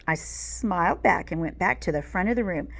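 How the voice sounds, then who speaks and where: A woman reading a children's book aloud in a slow, expressive storytelling manner. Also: on the low side, gravelly.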